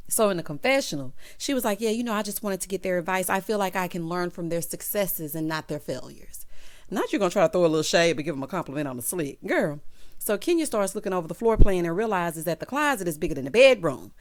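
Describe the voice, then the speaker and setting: A woman's voice: fairly low pitch, animated, quick pace. Sassy gossiping woman recapping reality TV. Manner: sassy, gossipy, laughs loudly. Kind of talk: casual recap commentary.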